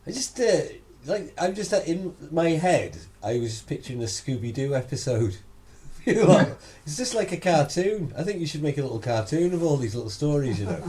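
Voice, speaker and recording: A man hosting a podcast, reacting with quick remarks and swearing, and drifting into his own tangents. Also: fairly high pitch, big pitch swings, mellow. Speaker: podcast host. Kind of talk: casual podcast chat.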